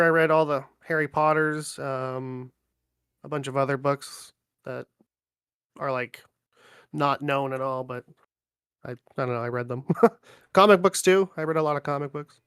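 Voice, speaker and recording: A man, a livestream guest chatting in a relaxed, rambling way with many fillers. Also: on the high side, moderate pace, long pauses, smooth, no room sound, studio quality. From Ontario, Canada. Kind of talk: casual chat on a livestream.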